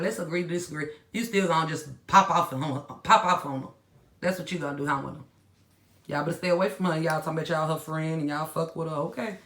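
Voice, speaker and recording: A woman's voice: low voice, fairly bright tone, reverberant. A woman hosting a commentary channel, talking bluntly and in slang straight to her viewers, scolding and then winding down. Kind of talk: casual reaction commentary.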